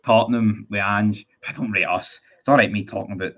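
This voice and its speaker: A man's voice: on the low side, fairly even intonation, a little fast, fairly bright tone, lo-fi sound. A Scottish man ranting heatedly about his football club on a live stream, reading chat messages and swearing often. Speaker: football fan livestreamer.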